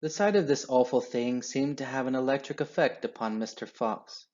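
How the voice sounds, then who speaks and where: A man reading a children's storybook aloud in an expressive, measured way. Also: medium pitch. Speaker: children's book reader. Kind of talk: storybook read-aloud narration. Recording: dull lo-fi sound.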